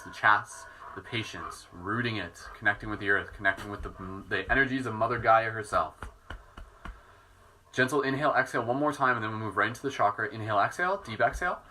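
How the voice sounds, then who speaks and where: Male meditation teacher, bright tone, relaxed and soft, guiding breath work. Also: fairly low pitch, slight background noise, rough recording. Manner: relaxed, soft-spoken, self-mocking. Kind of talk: live guided meditation.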